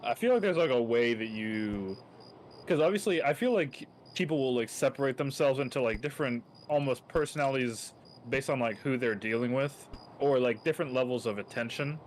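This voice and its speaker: A man's voice: medium pitch, a little fast, poor audio. Rambling, thoughtful man, faint background hiss. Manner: rambling and reflective, full of "like" and "um". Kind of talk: casual chat.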